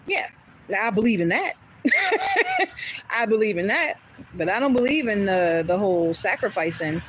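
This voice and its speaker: A woman's voice: medium pitch, very animated, normal speed, a little hiss or hum, poor audio. A woman hosting a casual livestream, talking bluntly and candidly, with occasional swearing and laughter. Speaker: livestream host.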